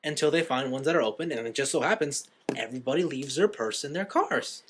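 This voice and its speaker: A young male podcast co-host talks fast at a medium pitch, with noise in the background. He runs through a film's plot informally, animatedly performing the characters' dialogue.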